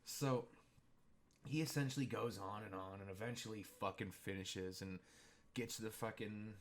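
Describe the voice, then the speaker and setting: A man's voice: on the low side, normal speed. A young man casually telling a story, rambling and laughing, with heavy swearing.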